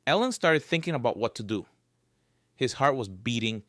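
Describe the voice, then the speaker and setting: A man narrating a scripted story in a lively, varied storytelling voice. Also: medium pitch, moderate pace, dry recording, studio quality.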